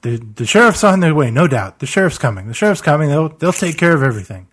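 A man's voice: on the high side, very animated, quick pace, fairly bright tone, voice pushed up. A man voicing a flustered male funeral director who anxiously reassures and repeats himself.

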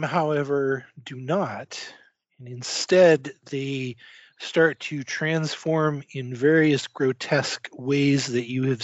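A man narrating a tabletop horror game as game master, halting with many fillers. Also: medium pitch, dry recording, muffled recording.

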